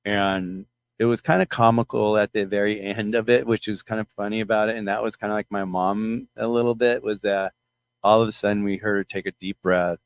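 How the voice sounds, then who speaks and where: Halting low-voiced man telling a story. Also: gravelly, no echo. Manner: rambling, halting, emotional retelling with many restarts. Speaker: channel host. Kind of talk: personal storytelling to followers.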